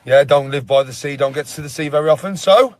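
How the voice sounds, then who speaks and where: A man's voice: fairly high pitch, quick pace, no room sound. A man vlogging on a windy seafront, calling out sing-song chants and silly put-on accents to his viewers. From England. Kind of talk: windy seaside vlog. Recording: loud wind noise on the mic.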